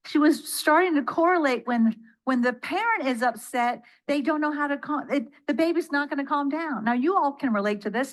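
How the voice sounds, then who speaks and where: A woman with a fairly high voice leads a training course for educators. Her lecturing is lively, and she often asks the room a question before answering it herself. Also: poor audio. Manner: lively teaching, poses questions to the audience and answers them; acts out quoted speech in changing voices.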